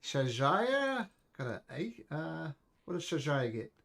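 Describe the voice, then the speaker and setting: A man narrating a tabletop game as game master, animated, counting out moves and ruling on dice. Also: a little high, takes it slowly, gravelly, a little hiss or hum. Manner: animated, breaks into goblin voices, counts out movement. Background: faint music.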